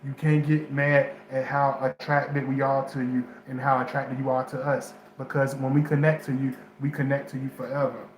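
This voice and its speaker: A man's voice: mid-range voice, little pitch movement, moderate pace, few pauses, a little hiss or hum. A man giving astrology dating advice in casual vernacular speech, rambling and restarting his sentences as he talks straight to his viewers. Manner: loose, rambling, repeats himself with restarts; African American Vernacular English grammar. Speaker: astrology vlogger. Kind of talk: casual direct-to-camera chat. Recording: echoey room with faint background ambience.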